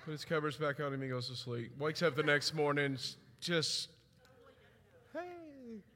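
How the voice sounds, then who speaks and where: A middle-aged man preaching a sermon, telling stories and acting out family voices with big swings in pitch. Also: fairly even intonation, a little fast, bright, forceful tone, slight background noise. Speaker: pastor. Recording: long hall reverb.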